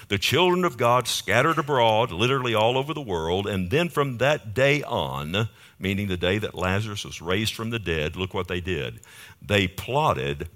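Low-voiced preacher, emphatic. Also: male voice, a bit bright. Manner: emphatic preaching, frequent "amen?" asides to the congregation. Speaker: pastor. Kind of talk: sermon. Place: church in Fort Worth.

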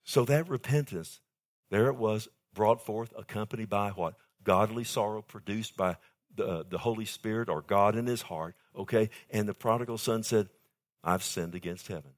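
A man preaching a sermon with emphasis, swinging between quiet passages and loud outbursts and asking the congregation for a response. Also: lowish voice, normal speed.

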